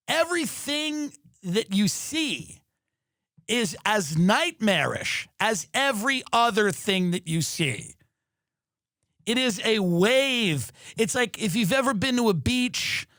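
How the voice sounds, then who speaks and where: A man delivers a sardonic comic rant in a fairly high voice. His pace jumps from rushed bursts to slow, stretched-out lines, and he sometimes shouts for effect. The sound is close and dry, with no room echo. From New York. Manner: sardonic, exaggerated, swings between quick bursts and drawn-out lines. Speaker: podcast host. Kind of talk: comedic monologue rant. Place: home studio in Los Angeles.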